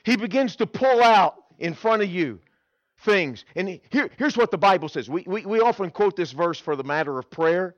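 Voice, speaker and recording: A man preaching a sermon, telling his own story in an animated way with quick restarts and repeated words. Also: high-pitched, no room sound. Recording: dull, dry sound.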